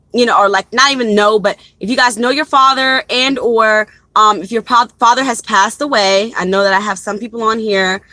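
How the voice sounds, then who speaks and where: Woman, tarot reader, chatty and rambling, bright forceful tone, dry close sound, phone in a car. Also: medium pitch, no room sound, low-quality recording. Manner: chatty, rambling, talks to viewers as y'all. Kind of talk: casual live tarot reading. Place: parked car.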